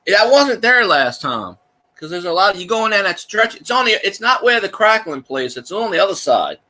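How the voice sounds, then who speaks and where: A man's voice: high-pitched, very animated, fairly quick, bright, forceful tone, poor audio. A man with a Cajun accent hosting a casual livestream, telling rambling stories with lots of restarts and the odd swear. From Louisiana. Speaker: livestream host.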